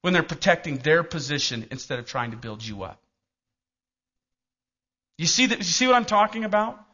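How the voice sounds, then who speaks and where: A man's voice: a little high, very animated, normal speed, sharp tone. A middle-aged male pastor preaching a sermon in a church, telling stories and asking the congregation questions. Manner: storytelling, asks the congregation questions. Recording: dull lo-fi recording.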